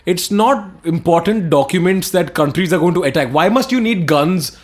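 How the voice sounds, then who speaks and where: A man's voice: high voice, animated, normal speed. A man with an Indian English accent co-hosting a comedy podcast, joking crudely and laughing often. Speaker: podcast co-host. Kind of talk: comedic casual banter.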